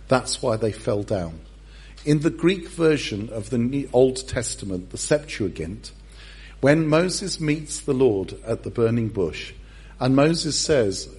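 A man's voice: medium pitch, animated, takes it slowly, a little mellow, breathy edge. A man, a pastor giving a humorous sermon in a church service and acting out the story. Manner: humorous storyteller with comic voices.

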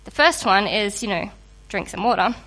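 A woman giving a sermon to a congregation in a lively, conversational and humorous way, just getting over a cold. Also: mid-range voice, moderate pace. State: recovering from a cold. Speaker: preacher.

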